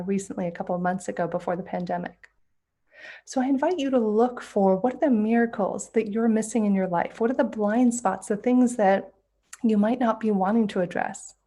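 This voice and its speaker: A woman giving an inspirational spiritual talk, telling stories in an earnest, gently persuasive way. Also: medium pitch. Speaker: spiritual speaker.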